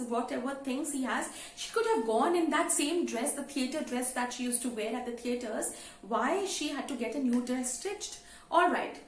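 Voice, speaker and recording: A woman teacher retelling a story to students in a conversational way, with many "you know" fillers. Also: high-pitched. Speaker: English teacher. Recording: roomy with faint ambience.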